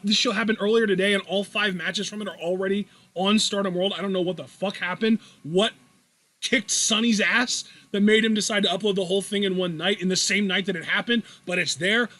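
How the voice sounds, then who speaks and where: A man co-hosting a casual Q&A show, joking and energetic, wrapping up the episode. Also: high-pitched. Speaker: podcast co-host. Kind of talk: casual chat.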